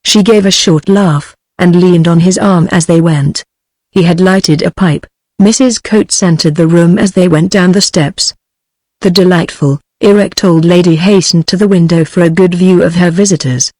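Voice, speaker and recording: A synthetic woman's voice with a British accent giving a text-to-speech narration of a story, in an even, flat delivery. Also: on the low side, normal speed, no echo.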